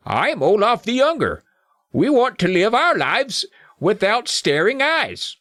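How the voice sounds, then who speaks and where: A man putting on high squeaky gnome voices. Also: very animated, a little slow, fairly bright tone, no echo, clean studio sound, exaggerated voice. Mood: stern. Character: small rude male gnome villagers, squeaky and high.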